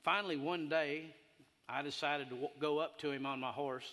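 Fervent preacher in an echoey hall. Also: male voice, on the high side, steady tone, moderate pace. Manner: fervent, builds to shouting. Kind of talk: sermon with personal story.

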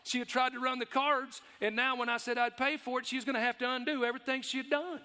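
A man's voice: extremely high pitch, flat delivery, quick pace, bright, forceful tone, clean tone. A man with a Texas accent preaching a sermon in a folksy, storytelling way to a church congregation. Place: church sanctuary. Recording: long reverb of a large hall.

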